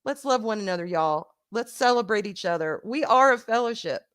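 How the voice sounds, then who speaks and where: A middle-aged woman from the American South with a Southern accent, chatting casually and warmly with her stream audience, laughing often and swearing now and then. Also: medium pitch, lively intonation, fairly quick, smooth.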